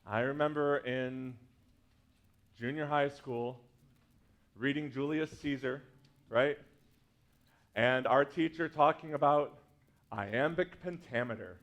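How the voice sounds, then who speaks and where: A man's voice: mid-range voice, slow, long pauses, fairly bright tone, highs cut off. Chatty man teaching a church workshop. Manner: chatty, many fillers like "like" and "right?". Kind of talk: casual teaching talk to a congregation.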